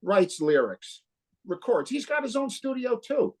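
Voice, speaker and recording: With a very high voice and a somewhat slow delivery, this guest guitarist is a fifties-aged man from New Jersey. He shares stories in a casual interview, animatedly voicing the dialogue and swearing heavily.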